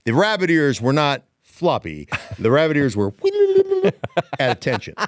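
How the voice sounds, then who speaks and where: Male podcast host, middle-aged, animated storyteller, swinging pitch, dry studio. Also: moderate pace, dry recording. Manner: animated storyteller, emphatic repetition. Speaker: podcast host, former player and analyst. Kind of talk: casual sports podcast chat.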